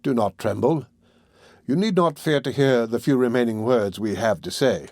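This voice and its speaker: A man reading an audiobook and voicing a stern, kindly old gentleman who speaks in a measured, firm way. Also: mid-range voice, dry recording, studio quality, lightly acted.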